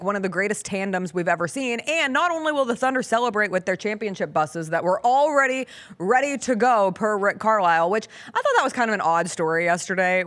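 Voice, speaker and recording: A woman's voice: mid-range voice, fairly bright tone. A woman hosting a sports talk show, chatting energetically with a co-host.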